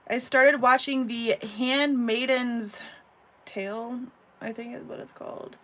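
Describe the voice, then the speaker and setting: Hosting a craft channel, this woman leads a relaxed live tutorial from home in a voice on the high side, steady, pushed, and bright. She speaks unhurriedly, rambling and filling her chat with "you know" and "like." A faint background hum sits under slightly dull audio.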